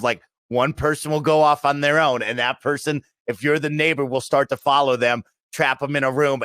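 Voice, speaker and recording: A man hosting a casual gaming chat, upbeat and rambling in long stretches. His voice sits at an ordinary middle pitch, close on the mic with a dry, dead sound. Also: fairly bright tone, dry recording. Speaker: podcast host.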